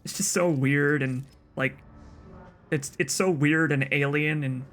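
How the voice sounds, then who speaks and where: A man's voice: fairly high pitch, steady tone, measured pace, fairly bright tone. A man hosting a let's play, giving casual, wry commentary with stammered restarts.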